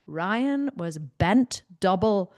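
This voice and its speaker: A woman's voice: medium pitch, expressive, extremely slow, darkish tone, no room sound, studio quality. A woman hosting a live video Q&A, telling a story in a candid, blunt way and swearing freely. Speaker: host. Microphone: video call mic.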